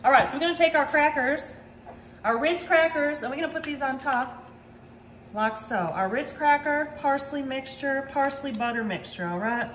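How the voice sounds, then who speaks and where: A woman's voice: high-pitched, moderate pace, a bit bright, a little hiss or hum. Chatty woman cooking, echoey kitchen. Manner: chatty, upbeat, says "y'all" constantly. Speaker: home cook. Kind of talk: casual cooking video. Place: home kitchen.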